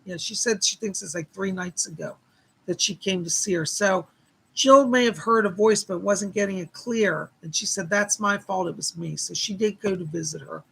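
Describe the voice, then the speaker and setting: A man hosting live psychic readings, chatting to viewers and relaying spirit messages with a steady stream of "she said". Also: sits high, normal speed, vocal fry, slightly rough. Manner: warm thanks to viewers for donations.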